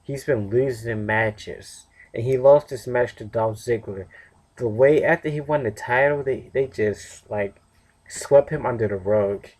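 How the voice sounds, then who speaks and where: Unhurried and darkish in tone, a worn-out young man talks through a wrestling show alone in a mid-range voice. He yawns, wanders, and keeps correcting himself between fillers.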